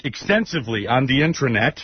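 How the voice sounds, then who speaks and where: A man's voice: medium pitch, big pitch swings, brisk, husky, no echo. A man on a radio talk show, talking earnestly and rambling with lots of restarts. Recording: dull lo-fi radio broadcast.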